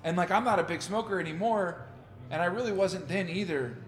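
A man's voice: high-pitched, a little fast. A man hosting a podcast, telling loose, profane stories in casual chat. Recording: reverberant room, faint noise.

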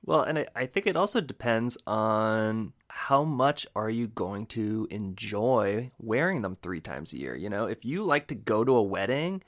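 A man co-hosting a casual podcast, talking in an animated, emphatic, slangy way. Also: lowish voice, measured pace, hardly any pauses. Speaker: podcast co-host.

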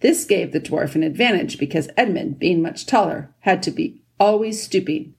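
A woman narrating a children's storybook at a steady pace. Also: fairly low pitch, normal speed, creaky. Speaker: audiobook narrator.

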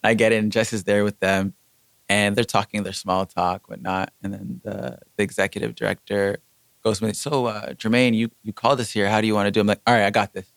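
A man's voice: fairly quick, creaky, dry recording. A young man in casual chat, telling a story with energy and acting out what people said. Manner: animated, acts out quotes with jumps in pitch.

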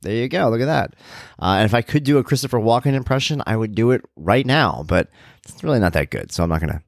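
A man's voice: mid-range voice, animated, quick pace, vocal fry, dry recording, clean studio sound. A middle-aged man hosting a podcast, telling a rambling, self-deprecating story in a casual monologue. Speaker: podcast host.

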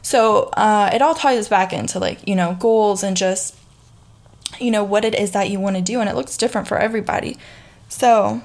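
A woman's voice: mid-range voice, normal speed, vocal fry, darkish tone. Young woman, Southern accent, podcast host, casual motivational talk, filler-heavy, laughs easily. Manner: chatty, frequent fillers and restarts, laughs easily.

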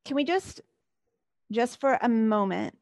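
A woman's voice: on the high side, expressive, a little slow, a little mellow, no echo, studio quality. A woman hosting a casual chat, asking supportive, probing questions. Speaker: podcast host.

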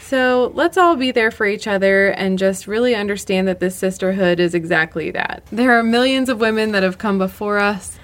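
A woman co-hosting a podcast in casual chat, encouraging and quick to laugh. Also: medium pitch. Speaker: podcast co-host.

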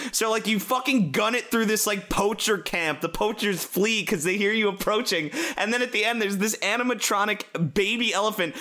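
Male co-host, slightly high voice, loose rambling profane storyteller. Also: normal speed, few pauses. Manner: rambling, profane, animated storytelling with many fillers. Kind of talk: casual chat.

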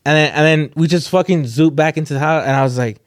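A young man casually telling a story on a podcast, laughing and acting out quotes in a higher voice. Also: fast. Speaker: podcast co-host.

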